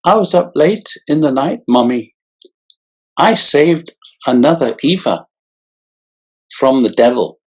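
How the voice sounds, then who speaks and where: A man voicing a grown son who talks like a meek child, in a whimpering falsetto. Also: animated, takes it slowly, pauses often, darkish tone, husky, heavily acted. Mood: childish.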